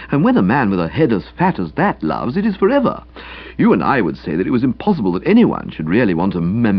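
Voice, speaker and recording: A man voicing a breezy, self-assured young gentleman who teases with mock-solemn pronouncements in an audiobook reading. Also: mid-range voice, slightly rough, muffled recording. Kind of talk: audiobook character voice.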